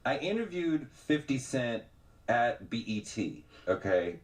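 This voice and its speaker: A middle-aged man telling stories as a guest on a radio show, animated and quick to act out the people he quotes. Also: medium pitch. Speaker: podcast host and journalist guest. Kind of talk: radio interview conversation.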